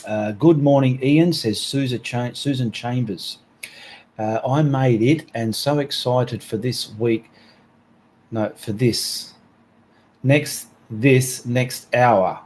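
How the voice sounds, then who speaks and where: A man's voice: medium pitch, slow pace, a little mellow. An Australian man hosting an art livestream, reading out viewer comments in a friendly, chatty way with slips and restarts.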